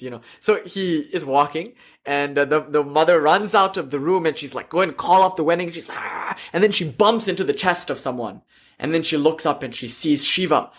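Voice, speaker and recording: A man teaching a class, telling myths as a storytelling lecture with animated, irreverent asides. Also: fairly high pitch.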